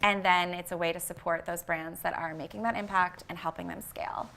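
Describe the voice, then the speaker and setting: A woman who founded a vegan fashion brand, talking as an interview guest in an earnest, reflective way and often pausing on fillers as she searches for words. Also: lowish voice, fairly even intonation, gravelly, a bit bright, slight background noise. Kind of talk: casual reflective interview talk.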